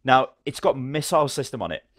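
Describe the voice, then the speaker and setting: A man co-hosting a podcast, telling game stories in a fast, animated, swearing manner. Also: medium pitch, no echo, studio quality. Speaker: podcast co-host. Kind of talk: casual gaming chat.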